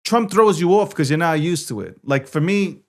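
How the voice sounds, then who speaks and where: A man from New York City hosting a show, giving opinionated political commentary with emphatic repetition and swings between loud and soft. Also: fairly high pitch, expressive, moderate pace. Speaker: show host.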